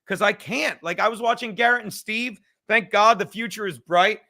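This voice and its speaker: A man's voice: high voice, moderate pace. A man hosting a livestreamed podcast, rambling and swearing as he tells stories and reads out viewer messages. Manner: profane, rambling, animated storytelling. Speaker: podcast host. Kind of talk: casual livestream chat.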